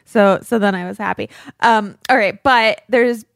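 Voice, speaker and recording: A woman co-hosting a podcast tells stories with animated energy and a stream of "like" fillers. Her voice sits at an ordinary middle pitch for a woman. The sound is close and dry, with no room behind it. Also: measured pace, gravelly, no echo. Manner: animated storyteller who acts out quotes, heavy "like" fillers. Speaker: podcast co-host. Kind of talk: casual chat.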